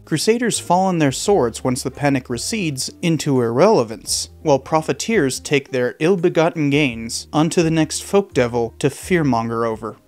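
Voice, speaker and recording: Male history host, scripted narration, measured and lively, faint music behind. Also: on the high side. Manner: deliberate, emphatic delivery.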